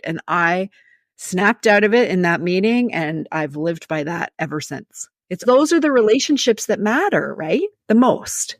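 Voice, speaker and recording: A woman's voice: on the low side, lively intonation, moderate pace, no echo, studio quality. A woman leadership coach, a guest on a podcast, giving advice in an emphatic, story-driven way. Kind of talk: conversational podcast interview.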